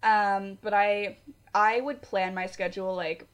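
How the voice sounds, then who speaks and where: A woman's voice: mid-range voice, fairly even intonation, measured pace, clear, resonant tone. A woman in her twenties, from Canada, co-hosting a casual podcast, chatty with many fillers and frequent laughter. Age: 20s. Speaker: podcast co-host.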